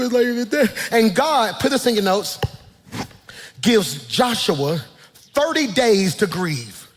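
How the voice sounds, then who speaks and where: A man preaching a sermon as pastor, shouting in a sing-song cadence and dropping into hushed storytelling asides. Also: high voice, sing-song, unhurried. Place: large church hall. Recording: reverberant church hall.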